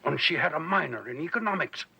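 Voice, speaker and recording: A man's voice: a little high, animated, quick pace, vocal fry, bright, forceful tone, a little hiss or hum, exaggerated voice, poor audio. An actor playing a feeble old male professor who hides a villainous past, wry and evasive. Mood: sly. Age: older.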